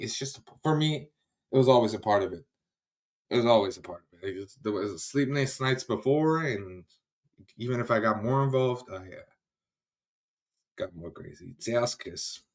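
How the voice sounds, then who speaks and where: A man hosting a casual livestream, greeting viewers by name in a loose, chatty way and often trailing off. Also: medium pitch. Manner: laughs easily, trails off and restarts. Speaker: livestream host. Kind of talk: casual live-stream chat.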